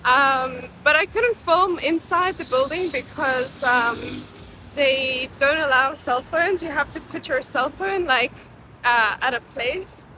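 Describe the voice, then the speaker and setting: A young woman talks into a handheld phone on a hot street and in a restaurant. She sounds chatty and emotional, with lots of fillers, and her voice sits high. Clear background noise runs under everything. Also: takes it slowly, bright, forceful tone, low-quality recording. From South Africa. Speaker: vlogger. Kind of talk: casual vlog chat to camera. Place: outdoors on a hot city street, then a restaurant.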